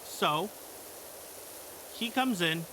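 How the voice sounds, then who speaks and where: A man's voice: sits high, animated, very slow, bright, forceful tone, a little hiss or hum. A young man streaming, telling a work story in a blunt, profane, exasperated way. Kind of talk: casual storytelling.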